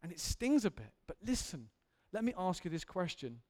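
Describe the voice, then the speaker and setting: A man's voice: sits high, very animated, moderate pace, a little mellow. A man preaching an earnest, candid sermon in a church hall, building to emphatic intensity.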